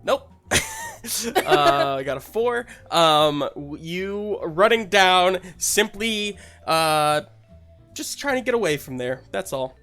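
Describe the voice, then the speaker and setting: A man's voice: high voice, animated, slow, pushed and bright, smooth, faint music behind. A man running a tabletop role-playing game as game master, narrating in a loose, rambling way with lots of fillers.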